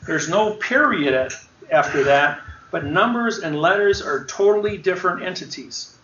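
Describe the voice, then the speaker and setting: Bright-voiced man lecturing in an echoey room. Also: sits high, lively intonation, moderate pace, slight background noise. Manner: emphatic, explains word by word. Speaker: seminar lecturer. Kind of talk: classroom lecture. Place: seminar room. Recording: roomy, distant, dull lo-fi seminar recording.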